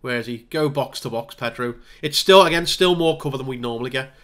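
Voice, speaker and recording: A man giving casual let's-play commentary on a football management game, chatting through the match with wry asides and bursts of excitement. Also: mid-range voice, a little fast. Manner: wry, self-deprecating asides. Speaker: gaming video creator.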